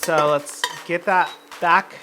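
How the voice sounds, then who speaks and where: A man's voice: fairly high pitch, steady tone, takes it slowly, noisy background. A drunk man hosting a casual cooking show, rambling, joking and swearing freely as he cooks in a home kitchen.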